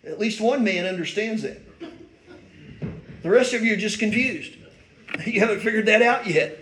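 An older male pastor with a notably high voice delivers a sermon in a roomy, echoing church. He preaches in a folksy, self-deprecating way, leaning on stories from home. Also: moderate pace, fairly bright tone, slight background noise. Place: church sanctuary.

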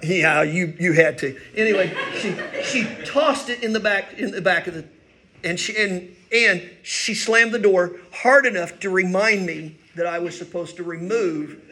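An older male pastor with a notably high voice delivers a sermon in a roomy, echoing church. He preaches in a folksy, self-deprecating way, leaning on stories from home. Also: measured pace, pushed and bright, slight background noise. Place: church sanctuary.

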